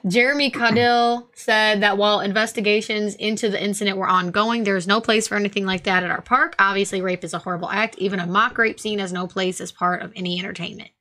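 A young woman co-hosts a loose, joking podcast, reading news items aloud and breaking off for teasing, profane asides. Her voice is bright and forward, at an ordinary pitch for a woman. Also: fairly even intonation, fast, few pauses. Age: young adult. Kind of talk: casual chat.

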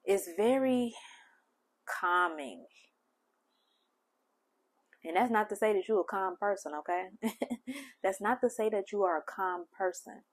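A woman hosting a spiritual channel, speaking gentle, heartfelt affirmations straight to the listener. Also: mid-range voice, measured pace, long pauses. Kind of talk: affirming spiritual message to the viewer.

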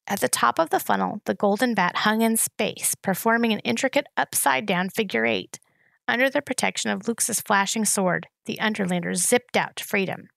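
A woman reading a novel aloud in a steady storytelling narration. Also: mid-range voice, gravelly, dry recording. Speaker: reader.

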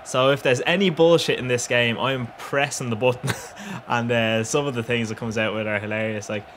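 A man's voice: medium pitch, brisk, a little hiss or hum. A young man, commentating on a football video game with frequent laughter, swearing and rambling asides. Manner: swears a lot, laughs often, rambling and excitable. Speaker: gaming YouTuber. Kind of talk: gameplay commentary.

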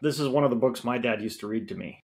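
Man, mid-pitched voice, podcast co-host, measured, agreeable. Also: slightly rough. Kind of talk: casual conversation.

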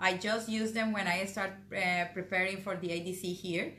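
A woman from Colombia, a dentist co-hosting a live lesson, who jumps in quickly and reads viewers' questions aloud. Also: mid-range voice, steady tone, pushed and bright. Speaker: dentist and course co-host. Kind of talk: live teaching discussion. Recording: echoey room.

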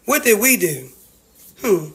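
Woman, mid pitch, blunt profane heartfelt venting straight to camera. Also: big pitch swings, takes it slowly. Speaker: reality-TV family member livestreaming. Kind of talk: emotional venting to a livestream.

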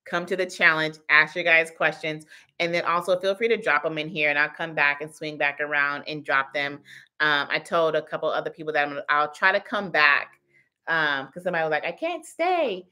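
A woman coaching viewers in a relaxed livestream chat, talking freely and laughing often. Her voice sits low but comes across bright and forceful. She answers comments from the chat as they come in. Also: brisk. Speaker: cleaning business coach hosting a livestream Q&A.

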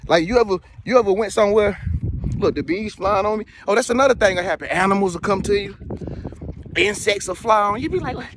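A man giving a casual motivational talk, animated and slangy, joking as he tells stories. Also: sits high, a little fast, background noise. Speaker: motivational vlogger.

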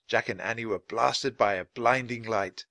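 A man's voice: mid-range voice, moderate pace, creaky, pushed and bright, dry recording. A man reading a children's chapter book aloud at natural speed for language learners, with dramatic expression. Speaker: narrator.

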